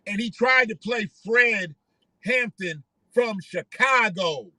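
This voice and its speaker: A man with a high, piercing voice talks straight into a close microphone in a dry, dead-sounding space. He rambles through casual live-stream commentary, swearing freely and circling back to repeat his points. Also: slow, pushed and bright, no echo. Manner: rambling, profane, repeats himself. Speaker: livestream host.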